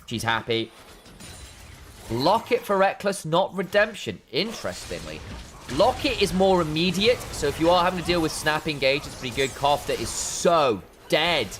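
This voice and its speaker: A man casting a live esports match, breaking down item choices in detail, chatting with viewers and breaking into excited shouts during fights. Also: fairly high pitch, moderate pace, soft background music. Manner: analytical, chatty with viewers, bursts of excitement on plays. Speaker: esports caster.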